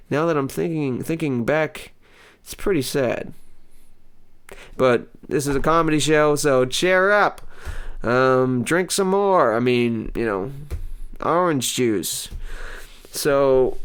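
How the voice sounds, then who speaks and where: A man hosting a comedy show, telling a rambling personal story with many pauses and mock-dramatic outbursts. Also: mid-range voice, clean tone. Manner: hesitant, full of ums, mock-dramatic outbursts. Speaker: comedy podcast host. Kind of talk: rambling comic monologue.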